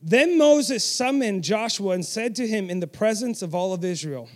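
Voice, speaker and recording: Male preacher, high-pitched, emphatic, draws the congregation in to repeat lines. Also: animated, normal speed. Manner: emphatic, with audience call-and-response and self-deprecating asides. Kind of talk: sermon.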